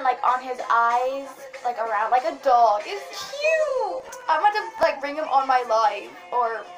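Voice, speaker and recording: Excitable high-voiced young woman vlogging. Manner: excitable, rambling, lots of "like". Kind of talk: casual vlog chat. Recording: music playing behind.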